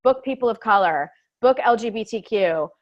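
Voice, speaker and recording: A woman comedian telling a story in a casual interview, animated and swearing, often saying "like". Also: a little high, normal speed, muffled recording. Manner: animated, swearing, heavy use of "like". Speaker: stand-up comedian, guest.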